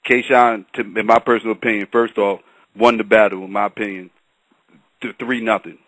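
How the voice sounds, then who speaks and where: A man giving measured opinions in a casual panel chat, often hedging with "in my opinion.". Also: fairly low pitch, steady tone, a bit bright, no room sound, low-quality recording. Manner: measured, repeats "in my personal opinion". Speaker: battle rap commentator.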